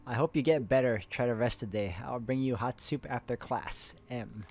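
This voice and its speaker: The host here is a man with a medium, darkish-toned voice and a moderate pace, playing through a co-op puzzle game. He casually reads the game's letters out loud in a plain way and pauses between them to chat and laugh with a friend.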